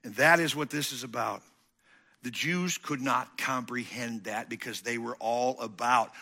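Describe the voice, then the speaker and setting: A man preaching a sermon as pastor, swinging between loud emphatic passages and quiet intense ones. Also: medium pitch, moderate pace. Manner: acts out quoted voices of listeners.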